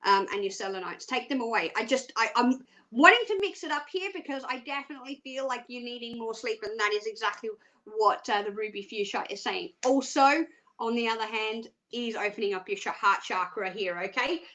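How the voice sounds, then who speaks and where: A high, bright Australian woman hosting a psychic phone-in show. She talks in a chatty, self-mocking way with easy giggles, moving between crystal readings and cheerful pitches to callers. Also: a little fast, low-quality recording. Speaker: psychic phone-line presenter.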